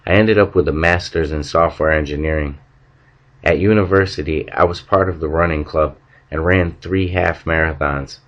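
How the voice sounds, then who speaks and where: A man reading a novel aloud at a steady, measured pace. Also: very deep voice. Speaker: audiobook reader. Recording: dull lo-fi recording.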